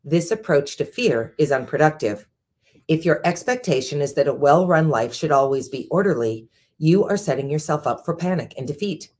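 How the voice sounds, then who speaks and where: In a low, steady voice, a woman reads passages from a book at a measured pace. As the show's host and a CEO, she sometimes pauses to add casual personal asides.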